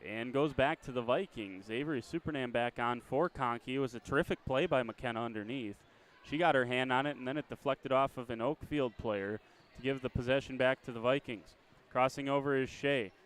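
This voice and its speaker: A man calling a high school basketball game play-by-play, chatty and quick to correct himself with a small laugh. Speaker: play-by-play announcer.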